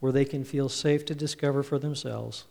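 A man preaching a Father's Day sermon, earnest and storytelling, his phrases trailing off softly. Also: medium pitch, steady tone, normal speed, creaky. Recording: reverberant hall, speaker a bit off-mic.

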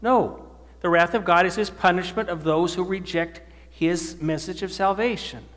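A man preaches a sermon in a slightly high voice, pausing to put questions to his listeners and answer them. His voice rings out with a long reverb tail, the sound of a hall. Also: steady tone, fairly bright tone. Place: church or meeting hall with an audience.

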